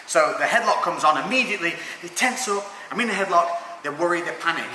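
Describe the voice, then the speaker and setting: A man hosting a self-defence tutorial, calmly explaining techniques and adding dry jokes. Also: high voice, fast. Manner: calm, reassuring instruction with dry jokes. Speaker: fitness coach and host. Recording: echoey hall from far off, background noise.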